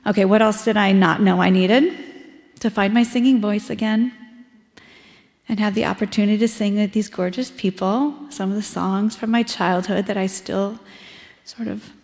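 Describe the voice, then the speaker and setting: A woman's voice: medium pitch, steady tone, moderate pace, creaky, a little mellow. Woman in her 40s telling her story at church, chatty and reflective, lots of ums, big echoey sanctuary. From Ohio, USA. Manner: conversational, reflective, frequent ums. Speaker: congregant giving a reflection. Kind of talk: personal testimony in a service. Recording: echoey church hall with long reverb.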